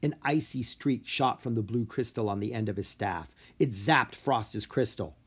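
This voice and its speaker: A man narrating a children's book aloud in an expressive storytelling way. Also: lowish voice, moderate pace, husky. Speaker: audiobook reader.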